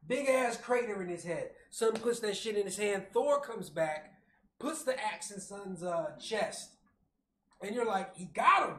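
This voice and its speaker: A man co-hosting a casual show, recapping a movie with animated storytelling, acting out the characters and swearing freely. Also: high-pitched, unhurried. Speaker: podcast co-host. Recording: echoey room with faint hum.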